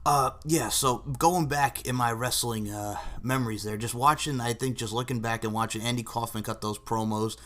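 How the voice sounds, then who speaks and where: A man hosts a casual interview, chatting freely and laughing often. His voice is bright and forceful. He keeps things loose and conversational. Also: medium pitch, fairly even intonation, moderate pace, hardly any pauses. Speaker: podcast host.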